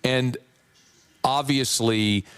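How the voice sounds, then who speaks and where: A hoarse man hosting sports radio, playful and rambling. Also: medium pitch, steady tone, extremely slow, a bit bright. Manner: playful, rambling, riffs on pronunciation. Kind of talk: casual radio talk with live ad read.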